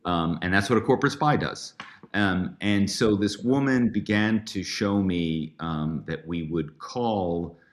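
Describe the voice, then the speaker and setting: A man's voice: sits low, measured pace. A middle-aged man, a guest, telling stories in an interview, chatty with many fillers and restarts. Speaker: guest, author and former corporate spy. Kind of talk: storytelling interview.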